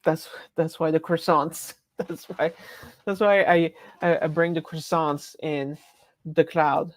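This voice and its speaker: A woman's voice: deep voice, steady tone, takes it slowly, no room sound. A woman with a French accent chatting casually on a live stream, rambling and breaking off her own sentences. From France. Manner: rambling, chatty, self-interrupting.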